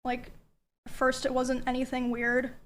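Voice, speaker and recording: A woman reading a prepared personal statement in a measured, hesitant way. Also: sits high, completely flat delivery.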